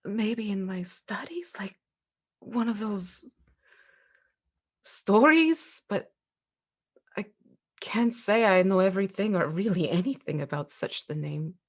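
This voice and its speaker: A woman voicing a trapped, longing spectral young woman in tabletop role-play, soft and wistful. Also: medium pitch, slow pace, pauses often.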